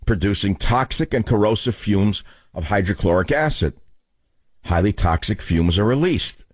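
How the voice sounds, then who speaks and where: A man's voice: fairly low pitch, a little mellow, no echo. An older man hosting a political talk radio show, lecturing his listeners in a combative, emphatic monologue.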